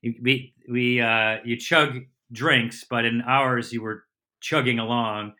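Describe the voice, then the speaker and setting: A middle-aged man, a comedian and TV host, telling a casual, rambling story as a podcast guest and correcting himself as he goes. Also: medium pitch. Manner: lively, rambling storyteller with quick self-corrections.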